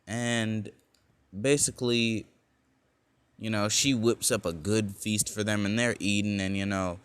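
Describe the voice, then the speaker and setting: A man's voice: lowish voice, little pitch movement, unhurried, smooth. A young man casually telling a fan-made alternate story, rambling along with lots of fillers and frequent self-corrections.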